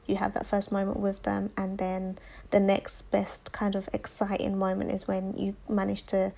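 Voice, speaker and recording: A woman interviewer asking gentle, long-winded questions. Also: mid-range voice, monotone, normal speed, vocal fry.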